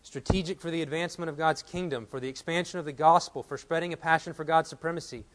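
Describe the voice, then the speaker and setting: A fairly high-pitched man from Texas, in his thirties, delivers a sermon as a pastor. He tells a personal story in an easy conversational way, then rises to urgent, emphatic points. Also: steady tone, fast, fairly bright tone.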